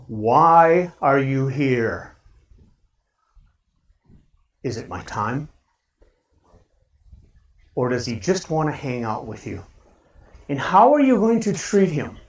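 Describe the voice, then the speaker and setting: A man with a Midwestern American accent preaching a lively sermon as pastor, asking his congregation questions. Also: fairly high pitch. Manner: animated, shouts a cheerful greeting, talks to the congregation with questions. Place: church sanctuary. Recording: roomy church sound from a distance.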